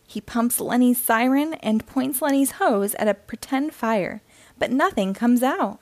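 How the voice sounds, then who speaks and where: A woman reading a children's picture book aloud in a gentle, expressive storytelling manner. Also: fairly high pitch, a little slow, no echo. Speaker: storybook reader.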